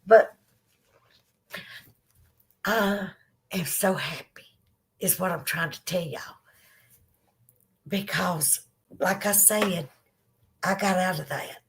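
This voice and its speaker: A Southern woman speaks slowly in a lowish, creaky voice, pausing often as she hosts a live podcast stream. Having been crying, she remains teary while chatting affectionately and emotionally with her audience.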